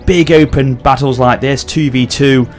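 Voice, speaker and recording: A man hosting a gaming channel, excitedly commentating a battle over gameplay and often addressing his audience. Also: mid-range voice, unhurried, soft background music.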